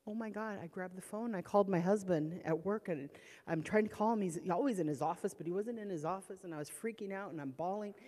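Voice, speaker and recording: A low, mellow woman's voice tells an emotional personal testimony in a church hall, reliving past fear as she speaks. The sound carries a long reverb tail from the room. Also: fast. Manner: emotional storytelling, reenacting past panic.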